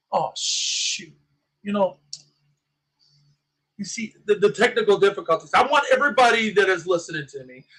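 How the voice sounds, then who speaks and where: A man's voice: high-pitched, fairly bright tone, low-quality recording. A man talking on his own channel in a passionate, agitated ramble, full of restarts and repeated words. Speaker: small channel YouTuber. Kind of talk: livestream commentary.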